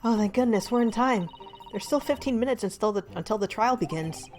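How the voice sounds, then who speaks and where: Woman reading as a spirited young female assistant, polite, cheerful, lively up-and-down delivery. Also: on the high side, fairly quick, pitched above the performer's own voice, close to an everyday voice.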